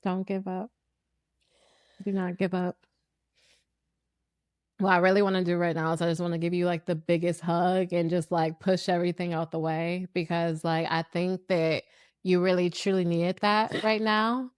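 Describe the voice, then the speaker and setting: A woman hosting a heartfelt conversation, speaking softly with gentle affirmations and drawn-out phrasing. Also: lowish voice, flat delivery, clear, resonant tone, no echo, studio quality. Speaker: host.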